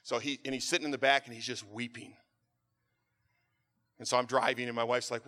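A middle-aged man preaching a sermon, telling a story and then building to a fervent, near-shouted exhortation. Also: mid-range voice, steady tone, a little fast, gravelly.

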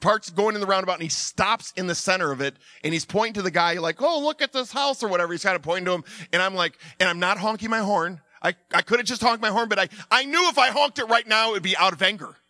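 High bright-voiced man telling a sermon story. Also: fast talker, few pauses, no echo. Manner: animated storytelling, acting out his own voice and others. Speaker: preacher. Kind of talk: sermon told as a personal story.

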